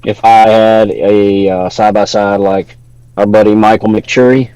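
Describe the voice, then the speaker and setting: A man's voice: fairly low pitch, little pitch movement, a little slow, dark tone, clean tone, dry recording, rough recording. A man from Louisiana with a Louisiana accent, co-hosting a podcast in casual chat, laid-back and swearing freely. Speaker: podcast co-host.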